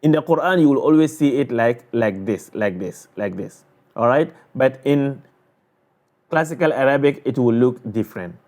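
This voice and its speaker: A man teaching a recitation lesson, patiently repeating sounds slowly to demonstrate and checking in with "all right?". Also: medium pitch, expressive, a little mellow. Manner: frequent "all right?" check-ins and restarts. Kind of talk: explanatory lesson.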